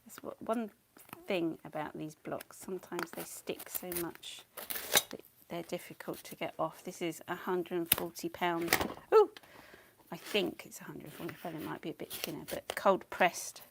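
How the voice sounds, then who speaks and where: A woman chatting casually on a live stream while she paints, scattered and quick to laugh, muttering asides to herself. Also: lowish voice, fairly even intonation, gravelly, background noise. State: a bit out of breath.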